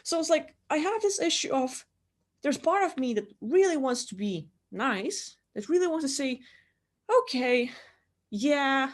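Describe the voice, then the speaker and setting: A woman's voice: sits high, expressive, moderate pace. A young woman vlogger venting in a casual, rambling way, swearing, laughing mid-sentence and acting out what others say.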